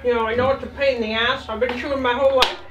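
An actress playing a rude, gum-chewing small-town store clerk who talks in a rough folksy drawl. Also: female voice, on the high side, fairly even intonation, racing, background noise, close to an everyday voice. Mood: cranky. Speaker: small-town shopkeeper and radio dispatcher. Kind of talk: comedic film acting.

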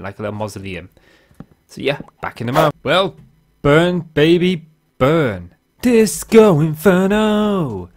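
A man's voice: mid-range voice, a bit bright. A young man hosting a casual video game let's play, talking in a chatty, rambling way with fillers and asides. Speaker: Minecraft let's play host. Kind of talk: casual gameplay commentary. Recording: faint guitar music behind.

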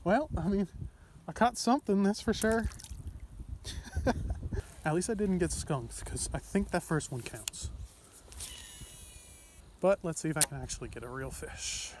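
A young man from Ohio chatting to viewers while fishing, excitable and quick with exclamations. His voice sits a little high, picked up by a camera mic outdoors. A faint wash of outdoor ambience stays behind him. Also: a little hiss or hum. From Ohio, USA. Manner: excitable, talks to himself and viewers, frequent exclamations. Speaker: fishing vlogger. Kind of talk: casual outdoor fishing vlog. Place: outdoors by a pond.

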